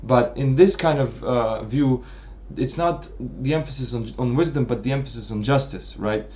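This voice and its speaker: A man's voice: mid-range voice, moderate pace, a little mellow, slight background noise. Man lecturing, restarting phrases often. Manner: thinking aloud, many restarts and "right?" checks. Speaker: literature commentator. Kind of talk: unscripted analytical lecture.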